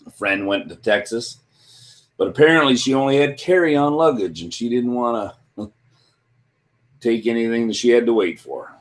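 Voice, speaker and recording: A man's voice: mid-range voice, moderate pace, pauses often. A man in casual chat, asking questions and telling teasing work stories. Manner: teasing, storytelling.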